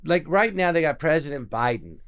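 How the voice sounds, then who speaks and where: Smooth-voiced older man telling stories. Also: a little high, brisk. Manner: animated storyteller acting out quoted voices. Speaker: guest comedian. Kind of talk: casual anecdote telling.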